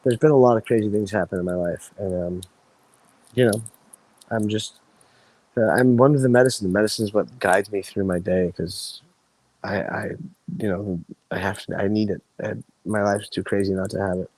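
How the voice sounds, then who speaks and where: A man in his thirties, a podcast guest, telling rambling stories in casual chat with many restarts and lively quoted voices. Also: lowish voice, moderate pace, dry recording, rough recording. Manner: rambling, animated voices when quoting friends, frequent restarts.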